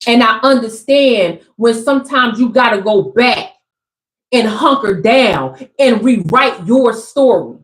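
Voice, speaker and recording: A woman's voice: fairly high pitch, lively intonation, takes it slowly. A young woman giving a casual, emphatic spiritual pep talk to her viewers, repeating her points like a preacher. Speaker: spiritual content creator. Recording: echoey room.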